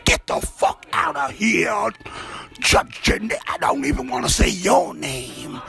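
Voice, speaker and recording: A man impersonating an indignant older male politician, shouting and swearing dismissively. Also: sits high, wildly swooping pitch, a little slow, creaky, faint music behind, pitched above the performer's own voice, full character voice. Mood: outraged.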